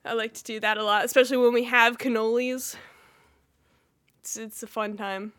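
A young woman hosting a casual podcast, giggling often and poking fun at herself. Her voice is high and bright, and she pads her sentences with fillers and restarts. She talks loosely, like a chat with a friend. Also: little pitch movement, normal speed. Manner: giggly, self-deprecating, many fillers. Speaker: podcast host.

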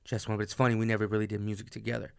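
A young man from Chicago talks in a relaxed, rambling way full of slang, a guest rapper chatting over beers in a small studio. His voice sits low with a gravelly fry, yet it comes through smooth and clear. The sound is dry and close. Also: very fast, dry recording. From Chicago area. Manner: laid-back, rambling storyteller, slangy. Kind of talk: casual chat over beers.

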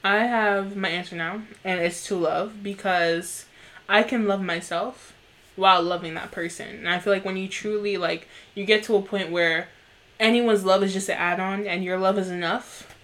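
A woman's voice: medium pitch, fairly bright tone. Young woman, podcast co-host, casual chat, laughs often, rambles, medium voice. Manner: giggly, rambling, self-teasing.

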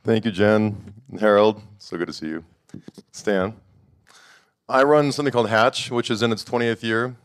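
A middle-aged man from Montana telling a lively story on a panel, acting out the people he quotes. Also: on the low side, moderate pace, clean tone. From Montana, USA. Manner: animated storyteller, acts out quoted voices. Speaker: founder of a summit and network.

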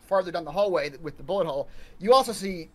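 A man narrating a tabletop horror game as game master, halting and full of restarts. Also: high-pitched, expressive, fairly bright tone. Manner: halting, restarts mid-sentence, many ums.

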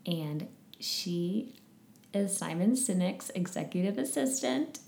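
A woman chatting casually and telling a story with lively energy, laughing often. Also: lowish voice, slow pace, gravelly, reverberant, slight background noise. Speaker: podcast guest sharing a conference experience. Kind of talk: casual chat.

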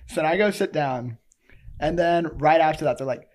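A man's voice: a little high, brisk, darkish tone. Laughing man telling a funny story. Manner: laughs often while telling a story, acts out voices in quotes. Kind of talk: casual chat, storytelling.

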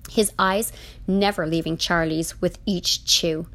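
Woman reading a comic story aloud, deadpan, low-pitched and unhurried. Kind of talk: comic short-story narration.

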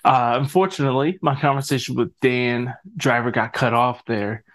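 A man's voice: mid-range voice, fairly even intonation, normal speed, a bit bright. A man hosting a podcast, playful and teasing, laughing often as he asks questions. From Canada. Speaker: podcast host. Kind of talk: casual interview chat.

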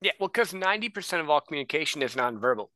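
A man's voice: fairly high pitch, sing-song, racing, pushed and bright, no echo. A man hosting a casual podcast conversation, talking with energy in stacked lists of points.

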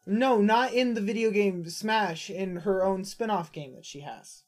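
A co-host in casual podcast chat who trades teasing remarks. The delivery is mostly deadpan, with quick comebacks. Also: medium pitch, soft background music.

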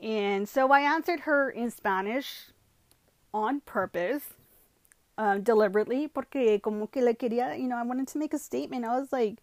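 Her voice is a little high and she talks at normal speed, with no echo in the recording. In a relaxed vlog she shares a personal story, moving between English and Spanish and leaning heavily on "you know" and "like."

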